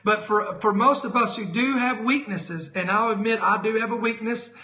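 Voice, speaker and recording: A man with a high, bright voice delivers a sermon-style talk from a roomy, echoing space. He's animated and conversational, acts out the people in his stories, and stumbles into quick self-corrections as he goes. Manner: animated, storytelling with quoted dialogue and self-corrections. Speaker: host of a Christian teaching stream.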